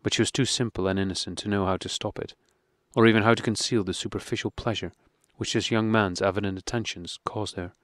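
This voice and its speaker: Audiobook narrator, male, lower voice, steady measured reading, dry close sound. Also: dry recording. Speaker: audiobook reader. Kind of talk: reading a classic novel aloud.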